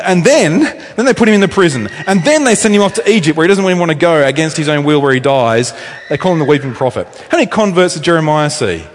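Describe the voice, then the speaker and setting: A male pastor preaching a sermon in a church, telling stories in a chatty, animated way with offhand asides. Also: sits high. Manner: animated storytelling, conversational asides. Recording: echoey hall reverb.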